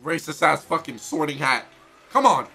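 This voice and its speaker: A man streaming a video game, joking loudly, swearing and shouting his reactions. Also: a little high, very animated, normal speed, creaky. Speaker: gaming streamer. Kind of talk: comedic live game commentary.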